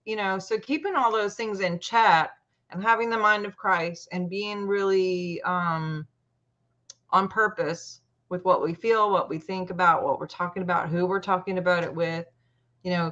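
A woman casually telling a long personal story in a chatty, animated way, acting out what people said. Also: on the low side. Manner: chatty, animated retelling with quoted voices. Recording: muffled lo-fi audio.

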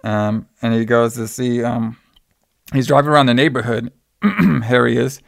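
A man's voice: medium pitch, moderate pace, creaky, no echo. Rambling man recapping a film, dry sound. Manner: rambling, heavy on filler words. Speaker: podcast co-host.

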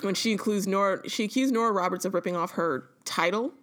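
A woman's voice: medium pitch, fast talker, fairly bright tone. A woman co-hosting a podcast, talking casually about a book and leaning on "like" a lot. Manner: chatty, lots of "like", laughs often. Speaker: podcast co-host. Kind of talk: casual book-club chat.

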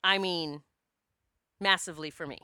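A middle-aged woman telling a personal story in a casual, animated way, with swearing and laughter. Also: lowish voice, moderate pace, clear, resonant tone, no room sound, clean studio sound. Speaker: author and speaker.

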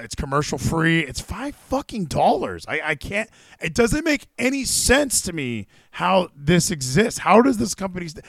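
An excitable man hosting a live wrestling stream, his pitch swinging widely as he chats and swears freely. The sound is close and dry, with no room around it. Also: vocal fry, no echo. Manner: excitable, swears casually, thinks aloud. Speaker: stream host.

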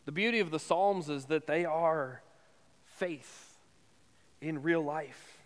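A man's voice: a little high, slow, big-room sound. A male pastor preaching a sermon in an earnest tone, often checking in with "right?". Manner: earnest, repeatedly asks "right?".

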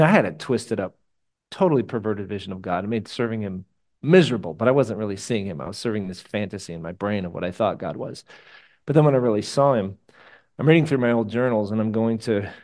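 A man's voice: on the low side, a little fast, a little mellow. A man preaching a sermon to a live congregation in a conversational, emotional way, asking his listeners questions. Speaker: pastor.

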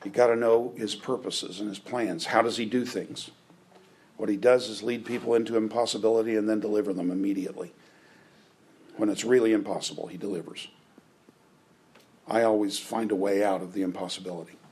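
Husky-voiced man preaching a sermon. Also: fairly low pitch, fairly even intonation, fairly quick, a little mellow, poor audio. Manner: conversational, checks in with listeners. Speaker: pastor.

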